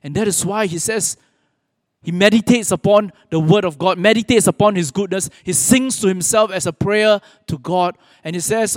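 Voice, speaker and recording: Male preacher, high register, earnest and measured, long hall reverb. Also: clean studio sound. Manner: earnest preaching with pauses, quoting scripture. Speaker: pastor. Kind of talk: sermon.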